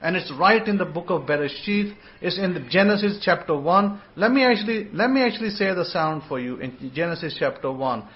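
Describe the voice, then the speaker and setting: A man hosting an informal online scripture lesson, rambling and repeating words, sometimes sounding out syllables slowly. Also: high-pitched, lively intonation, dull audio. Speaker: host and religious teacher.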